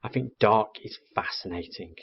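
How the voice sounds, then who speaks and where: A man's voice: on the low side, normal speed, creaky, breathy edge. A man voicing a sweet, friendly young woman who speaks in a polite, encouraging manner. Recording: dull lo-fi recording.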